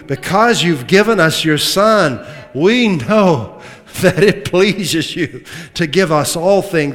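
A man preaching a sermon as a pastor, swinging from loud emphatic lines to hushed asides, with humorous remarks. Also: on the high side. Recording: long reverb of a large hall.

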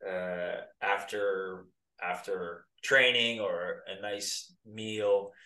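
Talking very slowly with little pitch movement, this former pro soccer player from the US has a low-leaning voice with a sharp tone. In his thirties, he's a laid-back, rambling guest in a casual interview chat, recorded in a roomy space on a distant mic.

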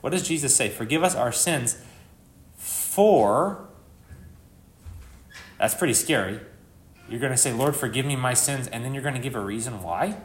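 A man preaching a live sermon as pastor, earnest and conversational, with sudden rises in pitch and volume for emphasis. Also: lively intonation, moderate pace, pauses often. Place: church sanctuary. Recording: echoey church hall.

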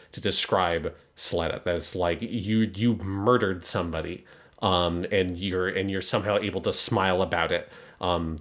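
Low-voiced man discussing anime. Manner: animated, analytical, many fillers. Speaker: podcast co-host.

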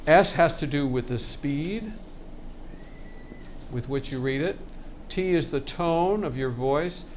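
A man teaching a workshop on storytelling in a relaxed seminar style, talking casually and often restarting his sentences. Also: a little high, takes it slowly, slight background noise. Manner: chatty, frequent restarts and laughs. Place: conference meeting room.

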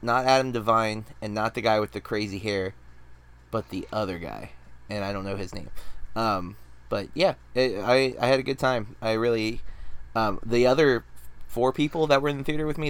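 A man's voice: medium pitch, normal speed, clear, resonant tone. A man hosting a movie podcast, chatting casually with lots of fillers and restarts. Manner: rambling, many fillers and restarts. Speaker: podcast host.

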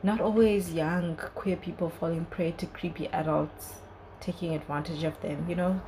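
A woman's voice: on the low side, fairly even intonation, normal speed, warm tone, slight background noise, low-quality recording. A young woman hosting a podcast, giving an earnest, chatty solo review full of "like" and "you know". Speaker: podcast host.

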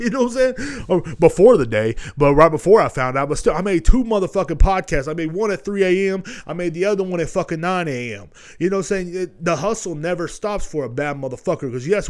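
A young man hosting a podcast, giving a profane, rambling motivational monologue, full of swearing and constant "you know what I'm saying". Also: on the high side. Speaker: podcast host.

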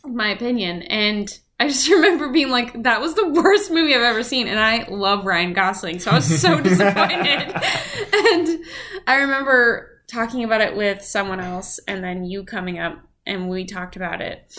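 A woman's voice: medium pitch, lively intonation, normal speed, pushed and bright. Young woman, podcast co-host, candid casual chat, heartfelt. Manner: heartfelt, tearful at times, many fillers.

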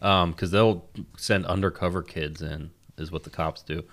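A man's voice: deep voice, steady tone, normal speed, fairly bright tone, a little hiss or hum. A man co-hosting a podcast in casual chat, telling rambling jokey stories. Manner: joking, rambling storyteller. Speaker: podcast co-host.

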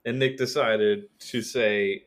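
A man co-hosting a casual podcast, wry and quick to laugh. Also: on the low side, fairly even intonation. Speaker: podcast co-host. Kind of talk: casual chat.

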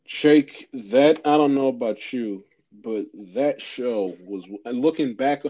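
A teenage man co-hosting a casual podcast, talking quickly and excitedly and often repeating himself. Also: mid-range voice, dull audio. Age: teens. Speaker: podcast co-host. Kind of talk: casual chat.

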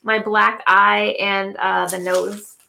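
A woman's voice: medium pitch, level tone, slow, creaky, bright, forceful tone, a little hiss or hum. A woman cosplayer chatting casually as a podcast guest, with a chatty manner full of filler words. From northern United States. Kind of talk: casual chat.

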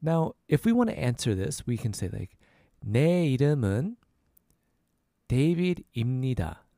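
A man hosting a language lesson podcast, repeating each phrase slowly and then faster so listeners can practice. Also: medium pitch, big pitch swings, warm tone, no echo, clean studio sound. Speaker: podcast host teaching Korean.

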